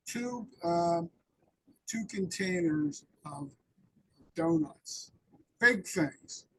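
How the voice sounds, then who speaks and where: A man's voice: high voice, fairly bright tone, a little hiss or hum, poor audio. A man in an interview, telling rambling personal recovery stories and acting out the dialogue. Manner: rambling anecdotal storyteller, acts out dialogue. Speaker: interview guest.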